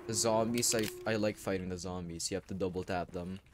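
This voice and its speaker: A young man streaming a game, rambling and swearing, with sudden loud outbursts between mumbled remarks. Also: sits low, steady tone, fairly quick, noisy background. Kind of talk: live gameplay commentary.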